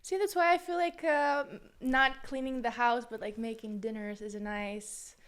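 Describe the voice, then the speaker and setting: A woman's voice: on the high side, steady tone, normal speed, a bit bright, clear, resonant tone. A young woman guest on a podcast, talking candidly and bluntly in casual chat, with lots of fillers.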